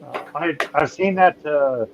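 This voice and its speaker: A man's voice: on the high side, measured pace, vocal fry, background noise. A man chatting on a livestream, hesitant and full of fillers. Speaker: guest. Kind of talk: casual livestream chat. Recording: muffled mic.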